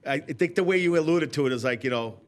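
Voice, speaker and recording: A man interviewing his co-host, asking questions haltingly, with many restarts and fillers. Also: a little high. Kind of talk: casual interview chat.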